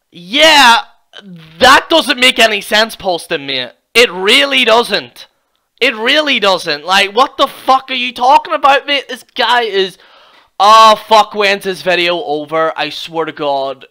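Gravelly man ranting sarcastically. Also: sits high, pushed and bright. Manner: mocking, sweary, heated. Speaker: YouTube commentator. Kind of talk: ranting reaction commentary.

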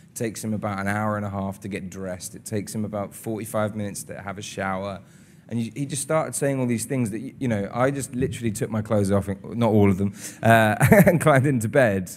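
Young male actor, low-pitched, earnest and reflective, interview setting. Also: slight background noise. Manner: earnest and reflective, with many halting restarts. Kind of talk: casual interview talk. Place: studio interview in front of an audience.

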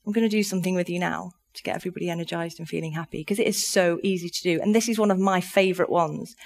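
A woman's voice: fairly low pitch, steady tone, very fast. Upbeat woman giving a keynote. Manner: upbeat, chatty, laughs often. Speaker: keynote speaker. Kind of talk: conference keynote talk. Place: conference room with live audience.

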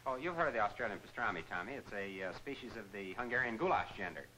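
An actor playing a wisecracking sidekick who teases and questions a fool, in 1940s film comedy acting. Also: male voice, on the low side, expressive, bright, forceful tone, a little hiss or hum, rough recording. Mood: teasing. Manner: quick, teasing questioning.

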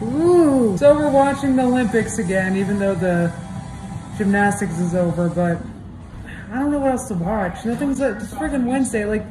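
A woman's voice: medium pitch, normal speed, over music, poor audio. A young woman vlogging at home in casual chat, frazzled and exasperated, talking to viewers through a handheld camera.

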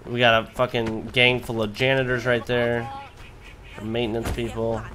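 A man's voice: medium pitch, level tone, normal speed. A young man commentating on his gameplay, swearing and cracking jokes as he plays. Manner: profane, wisecracking. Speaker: let's play host.

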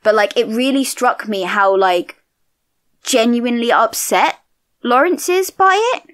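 A woman co-hosts a book podcast in a playful, animated chat. Her pitch swings widely and sits a little high. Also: measured pace. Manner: animated, playful, acts out characters. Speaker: podcast co-host. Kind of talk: casual book discussion.

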